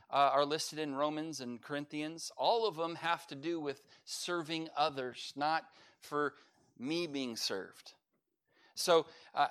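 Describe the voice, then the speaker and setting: A slightly higher-voiced man preaching a sermon from the pulpit. He builds emphatically to loud, rising stretches, repeating and restarting his phrases as he goes. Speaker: pastor. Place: church sanctuary.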